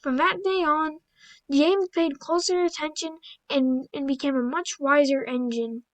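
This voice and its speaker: A woman's voice: sits high, measured pace, poor audio. A woman reading children's stories aloud and adding casual commentary, often tripping over words and breaking off for blunt asides. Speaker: video creator.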